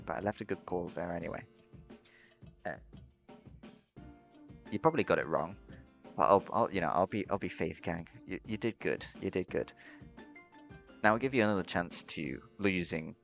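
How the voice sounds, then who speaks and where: A man's voice: deep voice, gravelly. A young man casually teaching a beginner language lesson, rambling and correcting himself and laughing at his own mistakes. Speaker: self-taught language hobbyist teaching a lesson.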